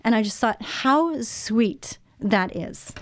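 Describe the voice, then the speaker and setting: A woman's voice: fairly high pitch, expressive, slow, no echo. A woman in her sixties hosting a Christian radio talk show, speaking earnestly and personally to her listeners. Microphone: studio microphone.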